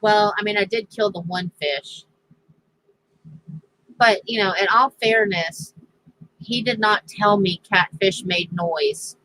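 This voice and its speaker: A woman's voice: mid-range voice, takes it slowly, long pauses, noisy background. A middle-aged woman hosting a casual crafting chat, telling stories with lots of laughter. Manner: storytelling with frequent laughter. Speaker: crafting channel host.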